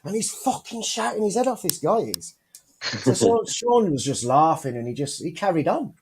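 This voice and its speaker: A man's voice: high voice, normal speed, a little hiss or hum. A man co-hosting a casual chat show, telling stories and swearing constantly. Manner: swears constantly, animated storyteller. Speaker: podcast co-host.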